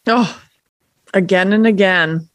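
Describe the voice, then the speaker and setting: A middle-aged woman speaking as a podcast guest, telling her story in an expressive, reflective way. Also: mid-range voice, takes it slowly, no room sound. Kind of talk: conversational interview.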